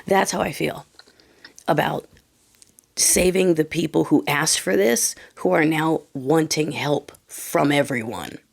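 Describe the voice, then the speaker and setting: A hoarse woman talks straight to her viewers in a blunt, opinionated vlog. Her voice sits low and gravelly, breathy and worn from losing it. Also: slow. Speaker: vlogger.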